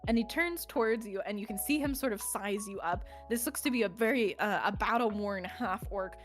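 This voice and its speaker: A woman's voice: medium pitch, a little fast. A woman running a tabletop fantasy game as game master, describing scenes at length with frequent "um"s and light laughs. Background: faint background music.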